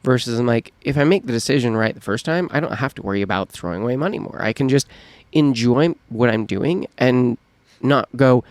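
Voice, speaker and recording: A man's voice: medium pitch, fairly quick, a little mellow, no room sound. A man in a casual podcast chat, mulling things over in a laid-back way, with lots of fillers.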